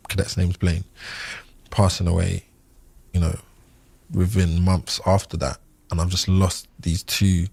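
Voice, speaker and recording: A man in his thirties, a podcast guest, recalling a loss in a halting way with many fillers and restarts. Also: low-pitched, vocal fry, a little mellow, breathy edge, dry recording. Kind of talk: emotional interview recollection.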